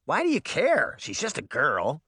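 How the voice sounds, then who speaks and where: A man's voice: high voice, wildly swooping pitch, a little slow, pushed and bright, breathy edge, no echo, studio quality, pitched above the performer's own voice, full character voice. A man voicing a bratty boy fairy who is disgusted and dramatic, in a whiny, scornful storybook voice.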